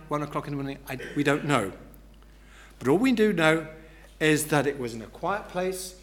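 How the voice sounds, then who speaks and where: A man's voice: on the high side, fairly bright tone. A man preaching an expository sermon who explains step by step and repeats key words for emphasis.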